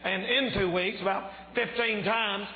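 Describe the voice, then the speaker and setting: A man preaching a fervent revival sermon in a church, shouting at times, his voice a little strained. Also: high voice, steady tone, measured pace. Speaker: pastor. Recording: echoey church hall, tinny phone-like sound.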